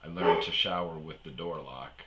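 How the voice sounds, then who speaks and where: A man from Wisconsin telling rambling, profane comic stories that often trail off into low mumbles. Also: normal speed, very noisy. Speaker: storytelling podcaster.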